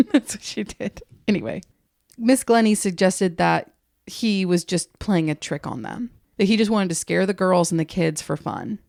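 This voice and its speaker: A woman with a low, gravelly voice tells a strange tale to her co-host, cracking jokes and swearing as she goes. Her delivery is loose and chatty. The sound is dry and close. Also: expressive, darkish tone, dry recording. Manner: giggly, profane, jokey retelling with quick asides. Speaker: podcast co-host telling the story. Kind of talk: casual storytelling chat.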